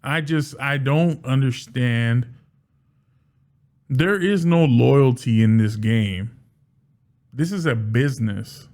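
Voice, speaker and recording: A man giving casual solo commentary as a sports fan, animated, often restarting and repeating words. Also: mid-range voice, takes it slowly, pauses often.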